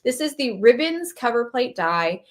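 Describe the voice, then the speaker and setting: A woman's voice: fairly high pitch, sing-song, a little slow. A woman doing a casual live walkthrough of craft products, chatty and enthusiastic, gushing over each item.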